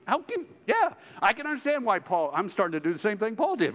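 A man from the States, preaching an animated, emphatic sermon with joking asides. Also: very high-pitched, fairly quick, few pauses, long reverb tail. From Southern United States. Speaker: pastor. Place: church sanctuary.

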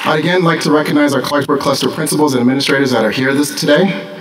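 A man's voice: on the high side, steady tone, very fast, distant mic, a crowd in the background, low-quality recording. A middle-aged man, a school principal, giving a commencement speech, formal with dry jokes. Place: large graduation ceremony.

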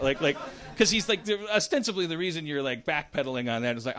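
A man's voice: fairly high pitch, expressive, fast, hardly any pauses, crowd noise. A man in his forties hosting a podcast, talking in a rambling, stammering way with many restarts. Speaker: podcast host. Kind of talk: casual comedic chat.

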